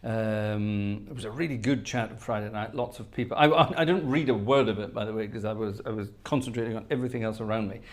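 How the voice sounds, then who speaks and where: A man's voice: fairly low pitch, fast, hardly any pauses. A man hosting a live stream, casually greeting viewers one by one by name and humming while he scans the chat. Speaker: host of a live-streamed organ music show.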